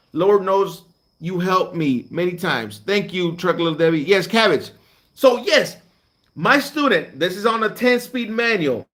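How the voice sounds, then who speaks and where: Animated man telling a trucking story. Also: sits high. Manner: animated storytelling, acts out dialogue. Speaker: truck driver trainer and channel host. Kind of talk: casual live chat with viewers.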